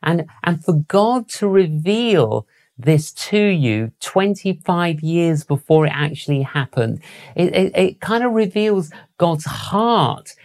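A man hosting an interview, responding in a measured, affirming way and asking follow-up questions. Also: on the high side, big pitch swings, darkish tone. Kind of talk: slow, reflective interview talk.

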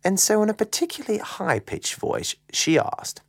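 A woman narrating a children's story, with dramatic pauses and dips into a whisper. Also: mid-range voice, very animated, breathy edge, no room sound, studio quality. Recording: soft guitar music behind.

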